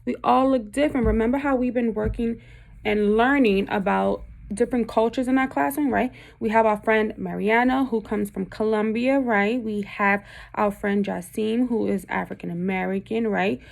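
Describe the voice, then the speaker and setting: A woman's voice: on the high side, steady tone, moderate pace, gravelly. A woman from Puerto Rico, a teacher reading a picture book aloud to her class and stopping often to ask the children questions.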